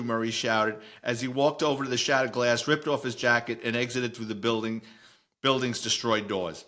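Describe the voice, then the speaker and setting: Bright-voiced New York man telling stories. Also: mid-range voice, fairly even intonation, moderate pace. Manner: blunt, storytelling, chuckles while reading. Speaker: podcast host, retired cop. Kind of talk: casual chat reading and commenting on news.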